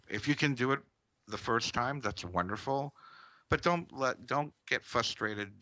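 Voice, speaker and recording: A man teaching meditation in a calm, deliberate talk, pausing often and sometimes correcting himself. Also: deep voice, no echo.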